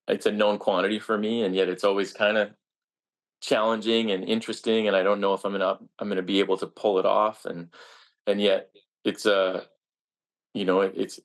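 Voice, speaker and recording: A man's voice: lowish voice, vocal fry. A man, a stage actor, answering interview questions in an earnest, reflective way with frequent restarts.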